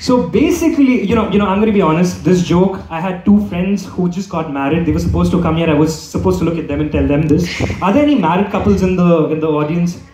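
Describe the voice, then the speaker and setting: A man's voice: sits high, fast, hardly any pauses, dark tone, slight background noise. A man doing a stand-up comedy set on a club stage, rambling with lots of fillers and restarts while the audience laughs. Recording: echoey room, mic far off.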